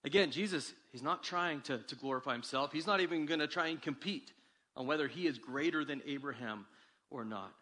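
A man preaching a sermon as pastor, with animated delivery that climbs for emphasis and drops low and quiet. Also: brisk.

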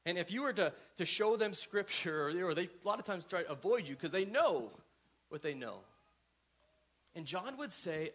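A man in his thirties with a high voice preaches from the front of his church. His sermon is loose and conversational, full of asides and quick questions to the congregation. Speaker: pastor.

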